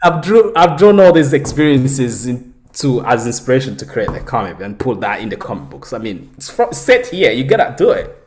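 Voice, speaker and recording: A man's voice: medium pitch, normal speed, background noise. A young man from the Democratic Republic of the Congo, a comic book creator, telling stories in a casual interview with lots of restarts and fillers. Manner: storytelling, animated, frequent restarts and fillers.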